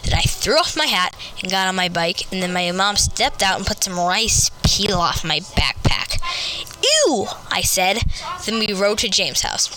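A woman reading a first-person story aloud with lively storybook delivery, putting on voices for each character. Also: medium pitch, normal speed, slight background noise, rough recording.

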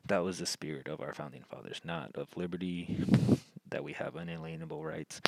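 A low-voiced man hosting a solo podcast, his voice gravelly and full of fry. He talks in a rambling way, circling back and restarting his sentences. The sound is dry and close. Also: a little mellow, dry recording, poor audio. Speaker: podcast host. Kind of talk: solo political podcast monologue.

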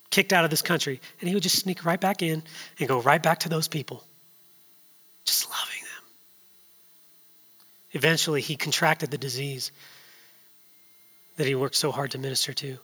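Man preaching with a bright, high voice. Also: long reverb tail. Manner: storytelling, builds from hushed to loud and urgent. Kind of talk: sermon.

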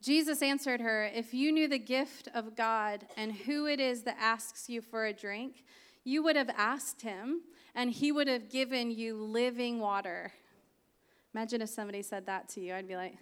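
A woman's voice: on the high side, normal speed, fairly bright tone, clean tone. A woman preaching a sermon, reading scripture aloud with chatty, laughing asides.

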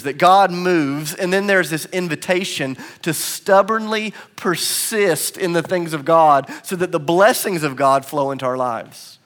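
A man's voice: a little high, fairly bright tone. A man in his thirties preaching a sermon in a church, telling a family story with playful self-mockery and emphatic repetition. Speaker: pastor. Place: church sanctuary.

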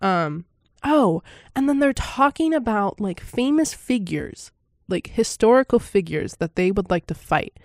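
Woman vlogger, rambling reaction talk full of fillers and laughs, mid-pitched, dry close sound. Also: expressive, measured pace, no echo. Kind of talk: casual first-reaction commentary.

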